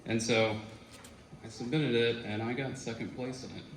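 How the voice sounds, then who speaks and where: A man's voice: medium pitch, steady tone, normal speed, gravelly. A man, a former student, telling casual stories at a memorial tribute, talking conversationally with fillers and quoted voices. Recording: echoey room with faint noise.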